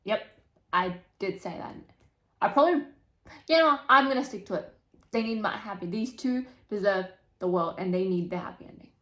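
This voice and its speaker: A young woman chatting casually in a book vlog, animated and emotional, swearing freely as she gushes about characters. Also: mid-range voice, normal speed. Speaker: book vlogger. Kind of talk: casual chat.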